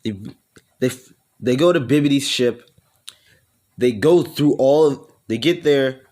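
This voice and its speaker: A man's voice: medium pitch, measured pace, a little mellow. A man casually improvising a fan story aloud, rambling and self-correcting as he goes and laughing at his own voices.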